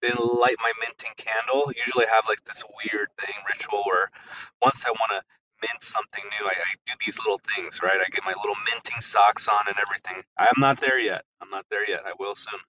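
Playful man with a bright, low voice. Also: little pitch movement, brisk, rough recording. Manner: playful, jokey, laid-back. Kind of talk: casual chat. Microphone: online audio call.

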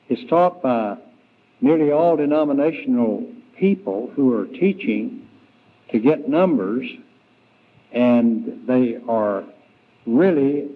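A man preaching an evening Bible lesson, slow and deliberate, with frequent fillers and restarts. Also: medium pitch. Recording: tinny, phone-like 1990s church tape.

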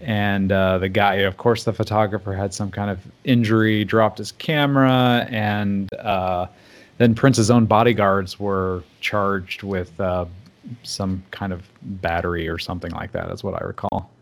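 A man co-hosting a casual chat, agreeable and steady as he recounts a story. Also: fairly low pitch, a little slow. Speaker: podcast co-host.

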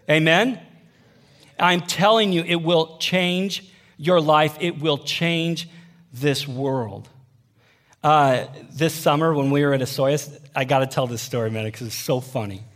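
A man in his thirties preaching to young adults, lively and conversational, often pausing for the room to answer back. His voice sits a bit on the high side for a man, and he talks to the crowd like friends. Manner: animated, conversational preaching with call-and-response. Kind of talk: sermon.

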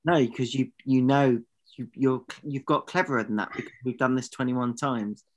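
A man's voice: medium pitch, steady tone, normal speed. A man co-hosting a comedy podcast, rambling and arguing indignantly. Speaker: podcast co-host.

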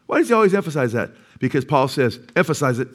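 A man's voice: mid-range voice, sing-song, fast, breathy edge. A man of sixty, a pastor, preaching a sermon at a church service. He keeps asking the congregation questions, waits for them to answer, and repeats key phrases for emphasis. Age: 60s.

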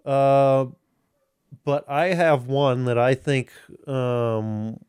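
A man's voice: mid-range voice, steady tone, extremely slow, a little mellow, clear, resonant tone, dry recording. A man hosting a podcast, chatting casually, rambling, swearing and restarting often. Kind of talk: casual chat.

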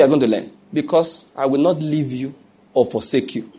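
A man's voice: mid-range voice, normal speed, mellow, breathy edge. A man with a Nigerian accent preaching a sermon as a pastor, asking rhetorical questions and mixing in humor.

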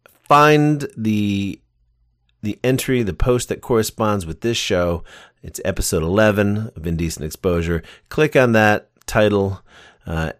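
A man's voice: on the low side, lively intonation, measured pace, no echo, clean studio sound. A man hosting a podcast, chatting in a rambling, enthusiastic way. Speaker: podcast host. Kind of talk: casual interview chat.

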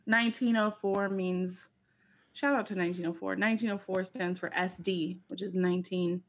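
A woman co-hosts a casual podcast chat with a husky, breathy voice. She talks in an easygoing way, laughs readily and is quick to agree with the others. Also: lowish voice, fairly even intonation.

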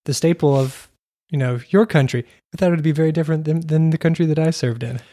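A man hosting an interview, asking follow-up questions and giving steady "mm-hmm" responses. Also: a little high, quick pace, no echo, clean studio sound. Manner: attentive, prompting questions with steady back-channel responses. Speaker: interviewer, host. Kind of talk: casual conversational interview.

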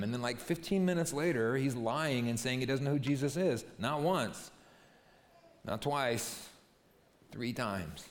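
Animated preacher in a reverberant hall. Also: male voice, a little high, moderate pace. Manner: animated storytelling, acting out voices and asides. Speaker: pastor. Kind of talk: sermon.

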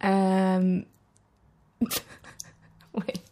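A woman's voice: mid-range voice, monotone, extremely slow, dark tone. A woman who is a guest on a podcast, chatting casually, giggling often and letting the host lead. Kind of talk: casual chat.

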